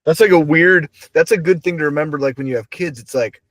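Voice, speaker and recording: A man's voice: a little high, fast, no room sound. A young man hosting a casual podcast, rambling with lots of fillers and laughing often. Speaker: podcast host. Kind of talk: casual chat.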